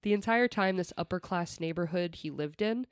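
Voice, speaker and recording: A woman's voice: on the low side, moderate pace, smooth, no echo, studio quality. A young woman hosting a podcast, telling a true crime story with chatty, laughing asides into a desk mic. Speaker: podcast host.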